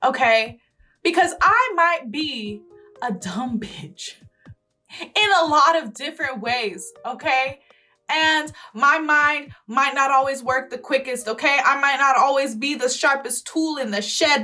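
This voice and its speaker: Woman host, casual reaction commentary, blunt and profane, slightly high voice. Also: measured pace, pushed and bright, soft background music. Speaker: YouTube host.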